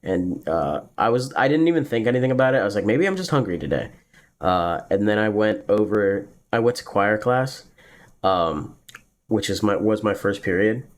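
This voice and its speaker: Low-voiced young man telling a rambling story. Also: big pitch swings, normal speed. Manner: rambling, filler-heavy, laughs at his own story. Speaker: podcast host. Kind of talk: casual storytelling.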